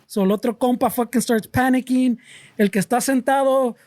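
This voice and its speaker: A man hosting a casual podcast spins a story at a quick clip, bouncing between plain narration and lively bits where he acts out the people in it. He laughs often, and his voice sits close and dry on a studio mic. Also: very high-pitched, no room sound. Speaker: podcast host.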